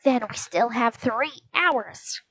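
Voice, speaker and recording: A woman voices a sharp, eager girl sleuth from a storybook, lifting her voice a touch higher. The delivery is unhurried, and the sound is dry and close. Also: slightly rough, no room sound, exaggerated voice. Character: quick-witted young girl detective.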